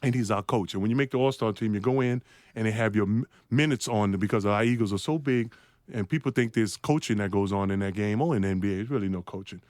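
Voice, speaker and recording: A middle-aged man, a former pro basketball player, telling an animated, self-mocking anecdote. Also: lowish voice, fast talker, dry recording, clean studio sound. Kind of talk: anecdote storytelling.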